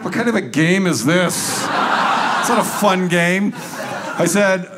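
A man's voice: sits high, takes it slowly, heavy background noise. A male comedian telling a stand-up story in a conversational way, acting out quotes.

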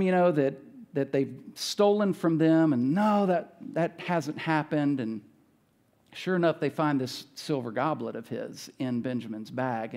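High-voiced man preaching conversationally. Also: a little mellow. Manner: retells scripture casually, acts out characters' lines; folksy asides and self-corrections. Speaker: pastor. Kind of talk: conversational sermon.

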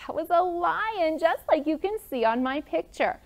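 A woman's voice: extremely high pitch, lively intonation, normal speed, slight background noise. A woman teaching a first grade classroom lesson, upbeat and encouraging as she calls on pupils by name. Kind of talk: classroom lesson for students and viewers.

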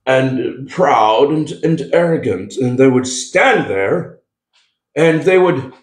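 A man's voice: medium pitch, animated, slow pace. A male pastor preaching a sermon, emphatic, with call-and-response asides and frequent restarts. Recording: echoey room.

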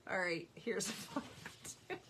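Slow, giggly woman showing craft paper. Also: medium pitch, big pitch swings, pushed and bright, a little hiss or hum. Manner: giggly, amused, chatty. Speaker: craft demonstrator. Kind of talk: live-stream product showing.

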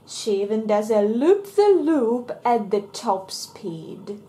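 Slow, lively woman reading a children's book. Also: fairly high pitch. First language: Russian. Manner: slow and expressive. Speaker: English teacher reading to children. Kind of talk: reading a picture book aloud.

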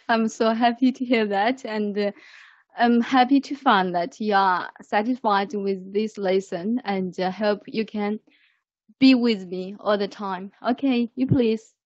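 A woman teaching an online English lesson, praising her students warmly and guiding them patiently. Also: mid-range voice, steady tone, dry recording. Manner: lavish praise, slow and patient. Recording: muffled online call audio.

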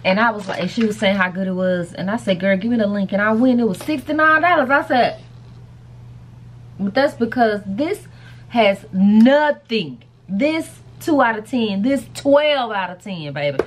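A woman's voice: on the high side, expressive, normal speed. A woman chatting casually to camera in a rambling vlog, calling her viewers y'all and baby. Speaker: vlogger.

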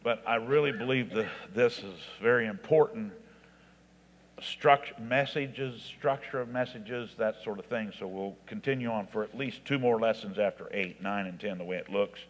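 A man, an assistant pastor, teaching a Bible class in an informal, halting way. He restarts his sentences often and grows louder and higher when he stresses scripture. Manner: halting, with frequent restarts and fillers. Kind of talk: informal classroom lecture on preaching. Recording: long reverb of a large hall.

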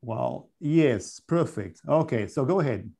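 A man's voice: medium pitch, animated, a little slow, gravelly, mellow, husky. A man moderating an online session, patiently and insistently repeating instructions. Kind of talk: giving instructions on a video call.

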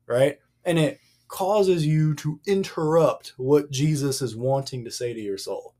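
A man co-hosting a casual Bible discussion podcast, emphatic and animated, acting out the dialogue as he talks. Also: on the high side, measured pace. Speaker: podcast co-host.

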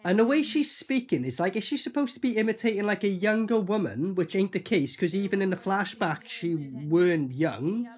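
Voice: mid-range voice, expressive, a little mellow, slightly rough. Rambling movie reactor, swearing freely. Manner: rambling, profane, acts out characters in quick asides. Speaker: film reviewer. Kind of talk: casual movie reaction commentary.

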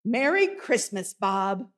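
A woman voicing a gruff old male miser who turns generous, reading loud and barking in a church service. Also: fairly high pitch, big pitch swings, slow. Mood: hearty.

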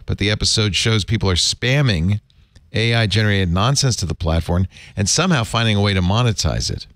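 A man's voice: lowish voice, fairly quick, no room sound, clean studio sound. A man hosting a casual tech panel show, reading news items aloud and joking with his co-hosts. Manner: animated, jokey, reads headlines aloud. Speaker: host.

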